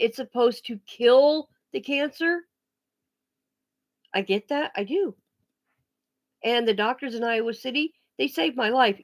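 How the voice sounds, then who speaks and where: A woman ranting bluntly on a casual vlog, swearing freely and often restarting her sentences. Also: on the high side. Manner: blunt, profane, emphatic; halting restarts and pauses. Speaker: vlogger.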